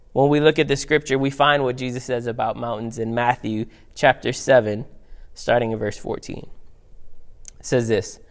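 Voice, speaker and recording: Animated conversational male pastor. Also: medium pitch. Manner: conversational, animated preaching with scripture readings. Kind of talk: sermon.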